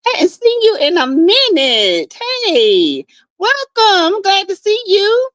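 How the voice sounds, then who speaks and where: A woman's voice: very high voice, huge pitch swings, slow pace, no echo. A woman hosting a casual livestream from her backyard shed, greeting viewers by name and gossiping freely. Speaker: livestream host. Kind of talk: casual live chat with viewers.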